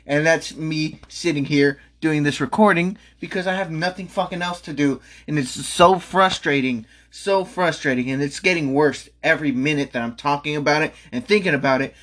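Young man, high voice, angry venting, repetitive, swearing, home recording. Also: a little fast, hardly any pauses, a bit bright. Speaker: vlogger.

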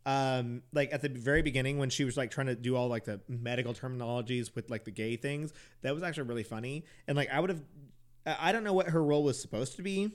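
A man's voice: medium pitch, fast talker. A man co-hosting a podcast, chatting casually and filling his talk with "like". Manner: chatty, peppered with "like", laughs easily. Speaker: podcast co-host. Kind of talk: casual chat reviewing a TV show.

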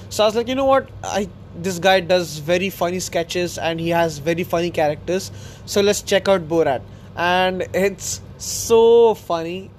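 Excitable high-voiced man rambling. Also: slight background noise. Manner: excitable, rambling, laughs often. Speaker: podcast host. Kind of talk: casual solo chat.

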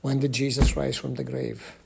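A man leading a Bible study group, teaching slowly with many ums and asking the group questions. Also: mid-range voice, flat delivery, vocal fry, noisy background.

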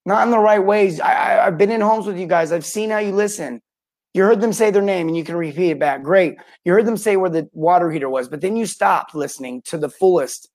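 A middle-aged man hosting a live coaching talk for plumbers, energetic, greeting viewers by name and acting out what customers say. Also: sits high, brisk. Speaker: podcast host and plumbing sales coach.

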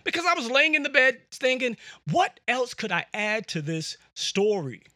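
A man's voice: very high voice, very animated, moderate pace, pushed and bright, dry recording, studio quality. A man hosting a podcast, talking in a casual, rambling, jokey way with lots of fillers, recorded on a USB microphone. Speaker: podcast host. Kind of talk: casual monologue.

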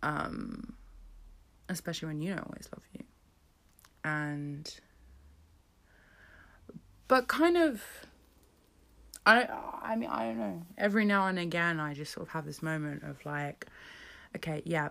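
A woman's voice: lowish voice, lively intonation, unhurried, creaky, pauses often, a bit bright. A woman musician talking casually to camera, rambling and self-mocking, often dropping to a whisper. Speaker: musician and creator. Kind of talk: casual personal vlog talk.

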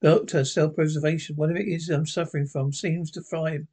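Guy reading as a brainy time-traveling doctor, thinking out loud, bit high voice. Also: flat delivery, fairly quick, husky. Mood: musing. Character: brisk, clever male time-traveling doctor. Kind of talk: reading a script aloud.

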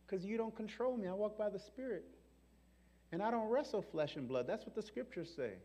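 A high-voiced man from New York preaches with animated, fervent energy, slipping into the voices of the people he quotes. His voice carries the long reverb of a large hall. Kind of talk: sermon.

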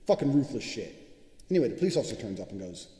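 A man with a medium-pitched, dark-toned voice speaks very fast, his pitch swinging widely. As a vlogger dispensing money advice, he delivers a cocky motivational monologue packed with swearing, all in a reverberant, echoey room.

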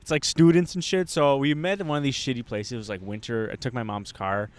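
A young podcast co-host tells a rambling, profane story in casual chat recorded outdoors in a park, swearing, laughing and restarting often. His medium-pitched voice is fast and smooth with fairly even intonation, and there's no echo.

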